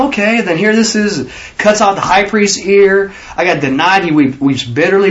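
A man leads an informal Bible study in a high voice at a moderate pace, rambling through his points and acting out the scripture figures he quotes. The sound is lo-fi.

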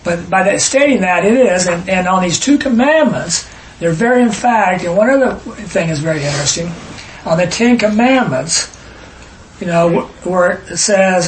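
A man's voice: sits high, expressive, moderate pace, slight background noise. Man teaching scripture in an echoey room. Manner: emphatic, digressive, reads scripture aloud. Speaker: Bible study teacher. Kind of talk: informal Bible teaching.

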